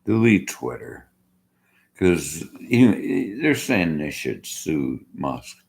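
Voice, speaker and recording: Older man, bitter rambling rant, slurred gravelly voice, slow delivery. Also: deep voice, big pitch swings, a little mellow. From Canada. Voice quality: slurred-sounding speech. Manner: bitter, argumentative. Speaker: vlogger.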